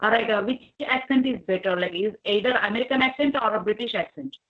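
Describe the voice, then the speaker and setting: A woman's voice: mid-range voice, fast, muffled recording. A woman hosting a chat, talking hesitantly with many fillers and restarts. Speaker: host. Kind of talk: casual interview chat.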